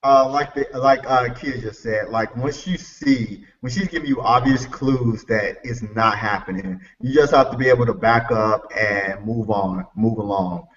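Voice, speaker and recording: A man's voice: medium pitch, moderate pace, few pauses, a bit bright, echoey room, distant mic, lo-fi sound. A man from the Bronx co-hosting a casual podcast, joking and laughing as he talks. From the Bronx, New York. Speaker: podcast co-host. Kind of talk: casual drunk chat.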